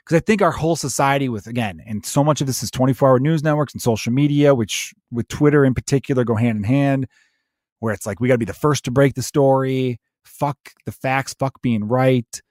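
A man's voice: medium pitch, fast talker, dry recording, clean studio sound. Profane ranting male podcast host. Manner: profane, ranting, animated, conversational. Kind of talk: solo podcast rant.

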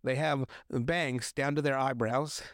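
A man's voice: mid-range voice, fairly even intonation, measured pace, a bit bright, no echo, studio quality. A young man hosting a podcast, chatting casually and crudely with lots of swearing, restarts and fillers. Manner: crude, swears often, rambling with many restarts. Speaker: podcast host. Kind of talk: casual chat recapping a TV episode.

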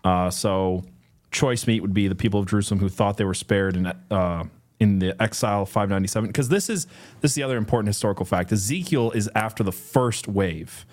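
Low-voiced man musing casually. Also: a little fast, darkish tone. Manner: thoughtful, rambling, with many fillers and restarts. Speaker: co-host of Bible study. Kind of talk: casual conversational commentary.

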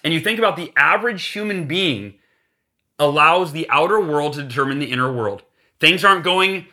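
A man's voice: fairly high pitch, normal speed. A man telling a motivational sales story as a podcast guest, acting out the quoted lines. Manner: animated, acts out quotes, motivational.

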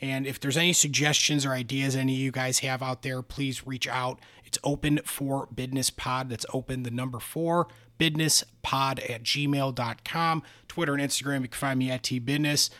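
A man hosting a podcast, talking in a relaxed, conversational way. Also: medium pitch, moderate pace, few pauses, no echo. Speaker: podcast host. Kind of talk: casual podcast interview.

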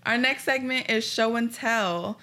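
A woman's voice: fairly high pitch, a little slow, noisy background. A woman hosting a podcast who chats in an upbeat way and laughs easily. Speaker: podcast host.

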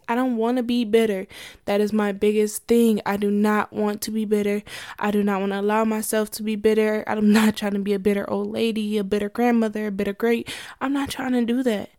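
A woman's voice: medium pitch, level tone, moderate pace, a little mellow, no room sound, studio quality. A young adult woman talking candidly to her listeners in a casual monologue, laughing often between points.

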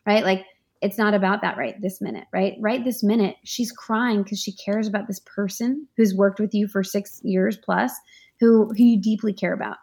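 A woman with some vocal fry, explaining ideas in a relaxed interview. She leans on fillers and asides as she gives practical, down-to-earth guidance. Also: mid-range voice, normal speed. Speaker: author and life coach, guest. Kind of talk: conversational interview.

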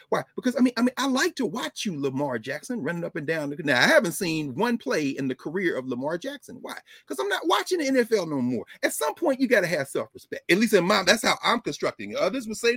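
Man, middle-aged, professor, emphatic conversational commentary, lively swinging pitch, dry close recording. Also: fast, few pauses, slightly rough, no room sound. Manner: emphatic, digressive, laughs often, slips into acting out quotes. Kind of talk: animated conversational film and culture commentary.

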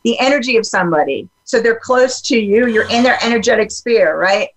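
A woman talking openly in a casual podcast conversation, animated and full of fillers and restarts. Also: a little high, brisk, background noise.

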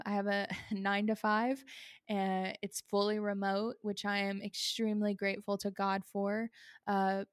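A woman of medium pitch hosts a personal faith podcast, speaking earnestly and confessionally about sorrow while holding back tears. The studio-quality recording has no room sound.

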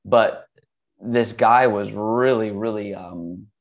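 A man in his forties speaking as an interview guest, his voice low-set and gravelly with a rough fry on the ends of phrases. He tells stories in an easygoing, rambling way, filling his pauses with ums and likes and often restarting a phrase. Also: lo-fi sound. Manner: relaxed, rambling, with many fillers and restarts. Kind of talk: casual storytelling.

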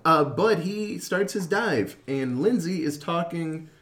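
A man's voice: fairly high pitch, animated, slow, crowd noise. A man in casual chat, animatedly retelling a film plot with crude slang. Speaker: podcast co-host retelling a film. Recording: roomy echo.

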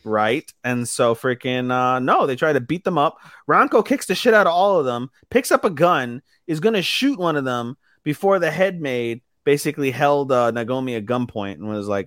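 Male podcast co-host, mid pitch, dry sound, animated casual recap. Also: normal speed, hardly any pauses, no room sound. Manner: animated retelling with acted-out quotes and swearing. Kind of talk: casual anime recap chat.

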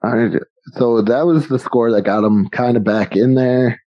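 A man's voice: medium pitch, moderate pace, warm tone, no room sound, highs cut off. A man co-hosting a casual chat about a movie, laughing often and acting out quotes. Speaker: podcast co-host.

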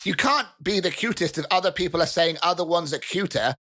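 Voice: medium pitch, animated, brisk, a bit bright. A game master voicing the chatty, proud queen of a tabletop game's mouse folk, who talks in a rambling, casual way. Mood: indignant.

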